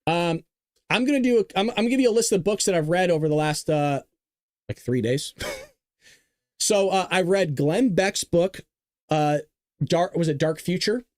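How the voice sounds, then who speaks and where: A man's voice: sits high, lively intonation, moderate pace, long pauses, darkish tone, no room sound, clean studio sound. Emphatic man hosting live commentary. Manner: emphatic, repetitive ranting with restarts. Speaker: host of a live news commentary show.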